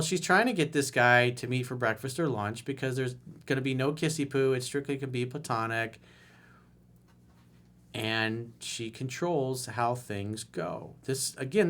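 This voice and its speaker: A man's voice: medium pitch, fairly bright tone. A man working as a dating coach who reads viewer emails aloud and gives blunt, exasperated commentary on them.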